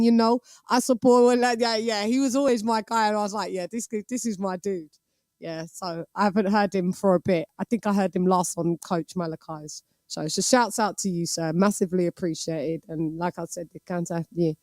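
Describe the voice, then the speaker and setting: A woman's voice: mid-range voice, darkish tone. A woman hosts a casual live boxing call-in stream in a playful, giggly way. She teases her viewers and drops in Spanish phrases. Her voice sits in the middle range, and it is recorded dry with no room echo.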